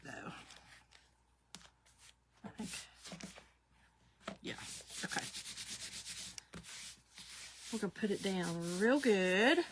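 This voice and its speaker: A woman's voice: medium pitch, lively intonation, extremely slow, long pauses, slight background noise. A middle-aged woman hosting a live craft demo, chatty and laughing often as she greets viewers by name. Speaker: craft livestream host.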